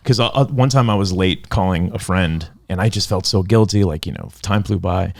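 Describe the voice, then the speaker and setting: A man's voice: sits low, a little fast, gravelly. A man co-hosting a podcast in casual chat, reflective and telling personal stories. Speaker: podcast co-host.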